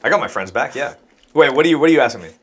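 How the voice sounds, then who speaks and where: A man's voice: mid-range voice, lively intonation, rapid-fire, background noise. A man co-hosting a podcast, telling a rambling story in casual chat and laughing as he goes. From Montreal. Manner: rambling anecdotal, laughs mid-sentence. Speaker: podcast co-host.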